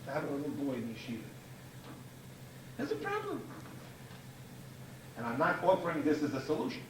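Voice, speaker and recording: A man's voice: medium pitch, sing-song, brisk, long pauses. A man giving a rabbinic lecture to an audience, emphatic and repeating key phrases for force. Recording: echoey room, distant mic, faint hiss.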